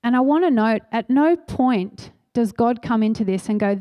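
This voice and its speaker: A woman's voice: a little high, lively intonation, moderate pace, few pauses, dark tone, smooth, dry recording. A woman preaching a sermon in a church, telling a story earnestly and acting out the voices she quotes.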